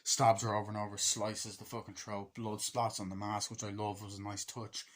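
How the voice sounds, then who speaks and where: A man's voice: lowish voice, little pitch movement, moderate pace. A man giving a casual, rambling movie review. He swears freely and acts out bits of dialogue.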